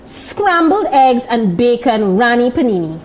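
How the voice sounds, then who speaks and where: A woman's voice: fairly high pitch, big pitch swings, unhurried, a crowd in the background, low-quality recording. A woman co-hosting a morning television show, leading the segment and the cooking in an upbeat way. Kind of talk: casual morning TV chat.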